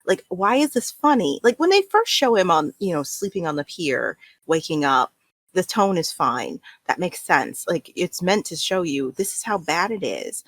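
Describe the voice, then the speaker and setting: A woman's voice: on the low side, sing-song, moderate pace, dry recording. A woman on a fan podcast panel, talking emphatically and critically in casual discussion.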